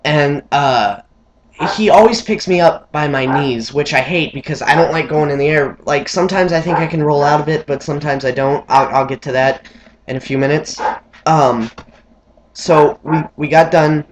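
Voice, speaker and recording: A man's voice: normal speed, background noise. A young man rambling through a story to the camera, full of fillers and restarts. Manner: rambling, filler-heavy, mimics friends in high excited voices. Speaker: vlogger.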